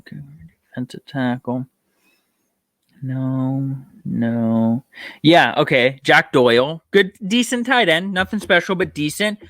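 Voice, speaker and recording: Bright-voiced man musing on sports. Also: mid-range voice, creaky, dry recording, studio quality. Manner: rambling, thinks aloud with many ums. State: tired, yawning. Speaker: sports podcast host. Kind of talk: casual solo sports talk.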